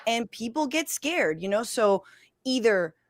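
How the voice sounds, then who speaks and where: A woman, a comedian and political commentator, talking in a quick, emphatic way on a video call. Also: a little high, lively intonation, no echo. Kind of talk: casual chat.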